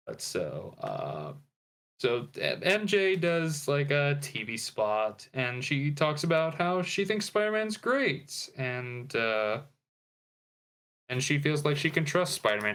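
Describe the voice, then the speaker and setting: A man's voice: fairly high pitch, sing-song, slow pace, a bit bright. A man co-hosting a podcast in casual chat, retelling a script with fillers and asides. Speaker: podcast co-host.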